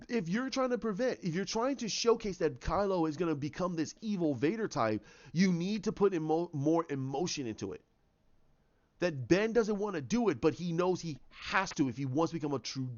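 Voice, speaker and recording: A man giving casual commentary on films, rambling and animated, acting out scenes in voices. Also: a little high, dull audio. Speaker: YouTube commentator.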